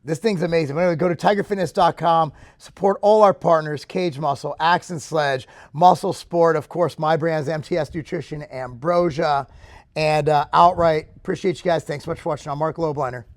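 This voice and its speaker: Man High-pitched, emphatic fitness show host. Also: moderate pace, no echo, studio quality. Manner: emphatic and excitable, talks straight to viewers. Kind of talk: casual opinion talk to camera.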